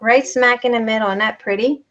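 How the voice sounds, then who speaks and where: Woman showing a craft project live, kinda high voice, chatty and easygoing, dull lo-fi sound. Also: steady tone, a little fast, fairly bright tone. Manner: chatty, step-by-step instructing. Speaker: craft tutorial host.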